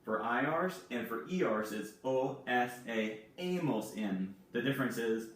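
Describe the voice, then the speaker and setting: A man's voice: medium pitch, expressive, unhurried. Male teacher, patient explainer who spells things out letter by letter; very echoey room, mic at a distance. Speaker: Spanish teacher. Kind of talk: recorded classroom lesson.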